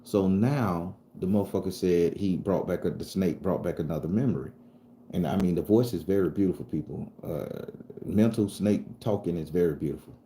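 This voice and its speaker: A man from southern Florida tells a spooky tale in a very low, deep voice with a dark, mellow tone. He swears freely and acts out every line of dialogue. The recording has a roomy echo. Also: normal speed, slight background noise. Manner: profane, animated, acts out dialogue. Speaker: storyteller and channel host. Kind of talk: casual spoken ghost story. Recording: echoey room.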